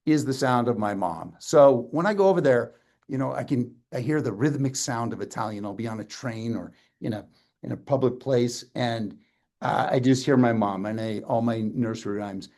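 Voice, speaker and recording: A man giving a loose, folksy, sentimental presentation on a live video call from his home office, talking the audience through slides. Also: mid-range voice. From Canada. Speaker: company presenter.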